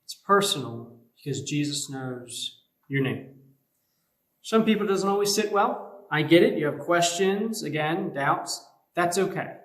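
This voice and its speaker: A man's voice: a little high, expressive, measured pace, fairly bright tone. A man giving a youth sermon as a youth pastor, talking casually and conversationally with everyday comparisons. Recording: echoey room.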